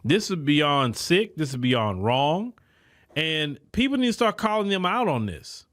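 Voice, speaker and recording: A man's voice: a little high, sing-song, unhurried, fairly bright tone. A man hosts a podcast, delivering an indignant political commentary monologue and repeating words when heated. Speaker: podcast host.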